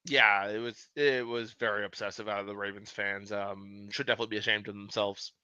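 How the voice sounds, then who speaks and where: A man co-hosting a casual sports podcast, excitable and swearing freely, with quick asides. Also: fairly low pitch, clean tone, no room sound, muffled recording. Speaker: podcast co-host.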